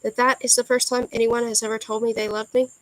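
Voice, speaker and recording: A woman's voice: fairly high pitch, flat delivery, fast, dry recording, natural voice, rough recording. A woman voicing an intense, brooding young man in a storybook reading, earnest and grave. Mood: tender.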